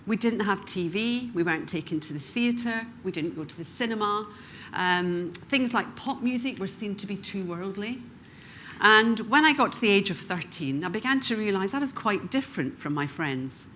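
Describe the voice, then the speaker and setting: A middle-aged woman from Glasgow with a Scottish accent, speaking as a keynote speaker and slowing down with dramatic pauses for emphasis. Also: mid-range voice, a bit bright, slight background noise. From Scotland. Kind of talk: motivational stage talk. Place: conference room before a live audience.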